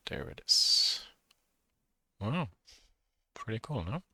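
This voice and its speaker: A man with a German accent teaching a software modeling lesson, thinking aloud and correcting himself as he works. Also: fairly low pitch, very animated, takes it slowly, creaky, slightly rough, no room sound, studio quality. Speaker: instructor.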